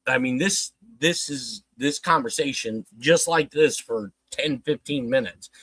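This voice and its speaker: Man, storyteller type, profane and animated, quotes everyone, mid pitch, dry close mic. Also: a little slow, slightly rough, dry recording, poor audio. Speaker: guest telling a story. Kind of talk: casual storytelling on a livestream.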